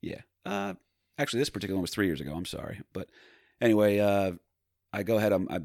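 A man's voice: on the low side, very animated, quick pace, gravelly, darkish tone, no room sound, studio quality. A man from New Jersey, a stand-up comedian, telling rambling stories full of fillers and restarts. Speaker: stand-up comedian, podcast guest. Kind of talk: casual storytelling.

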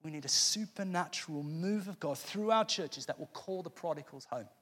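A man's voice: fairly high pitch, moderate pace, fairly bright tone, slightly rough, in a large hall. A man preaching an impassioned sermon as pastor of his church, earnest and fervent, often restarting his phrases.

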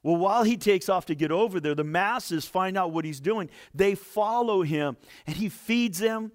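A man preaching a sermon, retelling a Bible story and explaining it. He lifts his voice to stress a point and drops to a near hush. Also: moderate pace. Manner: expressive, rises for emphasis and drops low to a hush. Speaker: pastor.

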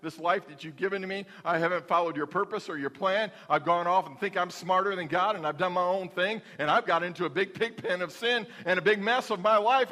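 A man's voice: high voice, bright, forceful tone. A man acting out a repentant sinner who pleads with God in prayer. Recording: long hall reverb.

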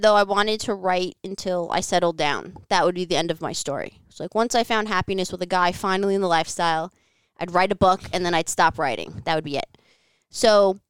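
This woman has a smooth, mid-range voice with no room sound. She's a guest on a podcast, recorded in a home living room, recounting a personal story in frank, casual conversation heavy with "like" and the occasional swear word.

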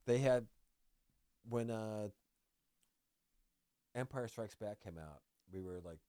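A man in his sixties, a podcast guest, telling animated, profane stories in casual chat and acting out quotes. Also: lowish voice, takes it slowly, no echo.

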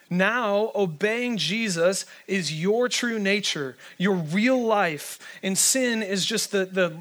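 Guy preaching, kinda high voice, super conversational, gets fired up then goes quiet and intense. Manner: conversational, heavy on fillers like "like"; impassioned, swinging between urgent and hushed. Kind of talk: sermon.

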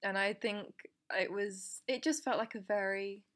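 A woman's voice: mid-range voice, fairly even intonation, unhurried, fairly bright tone. A woman co-hosting a podcast, talking over a film casually with many restarts and trailing thoughts. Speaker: podcast co-host.

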